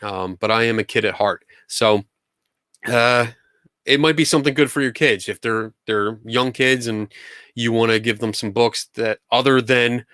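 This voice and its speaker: A man hosts a live question-and-answer stream, chatting casually with upbeat enthusiasm and often restarting his sentences. His medium-pitched voice is fairly bright and clean, at normal speed, in studio-quality audio with no room sound.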